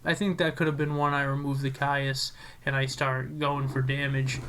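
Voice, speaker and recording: A young man casually commentating his own card game match, excitable and self-critical, with frequent restarts. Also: medium pitch, moderate pace, slight background noise.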